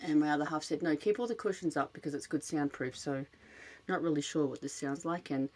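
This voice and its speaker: A woman's voice: low-pitched, brisk, a little mellow. An older woman with an Australian accent, hosting a casual solo podcast in a chatty, self-deprecating way, with many fillers. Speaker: podcast host. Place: small closet lined with cushions.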